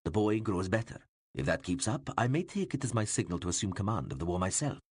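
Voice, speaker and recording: A man voicing a grey-bearded older ruler who speaks with calm, measured authority in an audiobook. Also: fairly low pitch, husky. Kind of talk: audiobook character voice.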